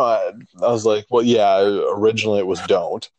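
A man with a fairly low voice chats casually on a podcast, recorded close and dry. He tells meandering, profane parenting stories, often restarting his sentences. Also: moderate pace, darkish tone, no echo. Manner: rambling storytelling with many restarts and profanity. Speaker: podcast co-host; father.

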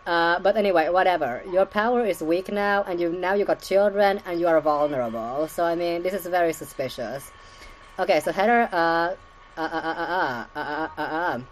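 Low-voiced woman rambling through podcast gossip. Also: normal speed, a little hiss or hum, rough recording. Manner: profane, filler-heavy, laughing asides. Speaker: podcast recap host. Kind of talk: casual rambling podcast commentary.

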